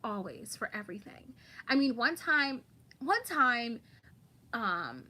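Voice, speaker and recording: A woman's voice: a little high, sing-song, slow pace, sharp tone. A woman hosting a casual livestream, chatting about online drama and reading viewer comments aloud.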